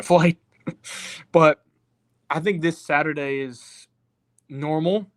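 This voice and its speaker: A man's voice: mid-range voice, fairly bright tone, dry recording. Slangy laid-back young man. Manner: slangy, profane, laid-back, says bro a lot. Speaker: podcast host reading live chat. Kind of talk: casual chat.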